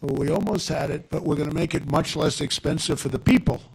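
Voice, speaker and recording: A man's voice: fairly high pitch, fast talker, a little mellow, slightly rough. An older man giving a rambling, digressive campaign rally speech at a podium microphone, repeating his points for emphasis. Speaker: political speaker at a rally. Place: outdoor or large rally venue.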